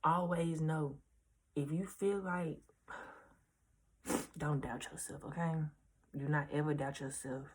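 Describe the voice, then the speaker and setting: Earnest young woman, low husky voice. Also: steady tone, slow pace, pauses often, darkish tone. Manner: earnest, repeats reassurances directly to viewers; casual slangy speech. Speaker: vlogger. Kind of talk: heartfelt storytime vlog.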